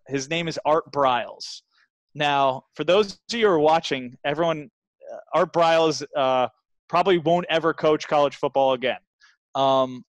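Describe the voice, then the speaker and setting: A man's voice: mid-range voice, no room sound. Earnest storytelling man, dry sound. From New Jersey. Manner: earnest, animated, with many fillers and restarts. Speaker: guest. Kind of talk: casual interview storytelling.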